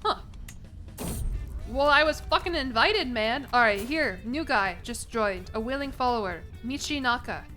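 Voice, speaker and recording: A young woman with a voice on the high side streams a game at a measured pace, with faint music playing behind her. Her casual commentary is excitable and profane, and she often makes jokes at her own expense.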